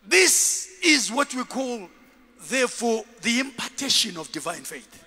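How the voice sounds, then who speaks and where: A man preaches a lively sermon with a high, bright, ringing voice, calling on his congregation to repeat after him. His words echo with a long reverb through a large church hall, a live recording from the pulpit. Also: a little slow, breathy edge. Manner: animated, call-and-response preaching with laughs. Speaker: bishop, preacher.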